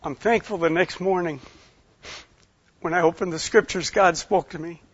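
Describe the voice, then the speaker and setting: A man's voice: high voice, moderate pace, a bit bright, slightly rough, dry recording. A man, giving a conversational sermon as a folksy, rambling storyteller with many fillers. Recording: slightly dull lo-fi sound.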